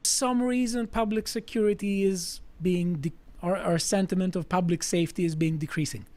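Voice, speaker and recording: A man in a casual political chat, speaking in a measured way and reading documents aloud. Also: high-pitched, fairly even intonation, darkish tone.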